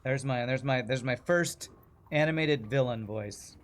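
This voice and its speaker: A man's voice: mid-range voice, a little slow. A man chatting casually as he streams a game, rambling and laughing often. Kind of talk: casual gameplay commentary.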